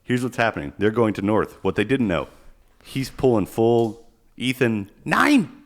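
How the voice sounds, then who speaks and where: Low-voiced crude rambling podcast guy. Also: big pitch swings, a little slow. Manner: crude, rambling, jokey, swears a lot. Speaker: podcast co-host. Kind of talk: casual podcast chat.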